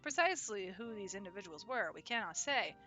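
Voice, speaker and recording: A woman reading male game characters' dialogue aloud in a plain, unhurried voice. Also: mid-range voice, animated, bright, forceful tone, soft background music. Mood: matter-of-fact.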